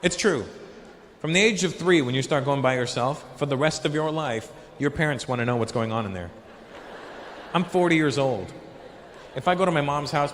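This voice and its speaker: A man in his forties doing stand-up comedy, animated and profane, acting out quotes. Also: on the high side, fairly quick. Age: 40s. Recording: reverberant hall with faint noise.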